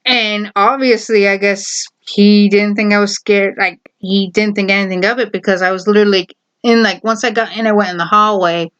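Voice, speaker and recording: A woman's voice: mid-range voice, normal speed, few pauses, smooth, muffled recording. A young adult woman vlogging, telling a personal story in a casual, blunt way and acting out the other people's voices. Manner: animated, acts out quoted voices, blunt.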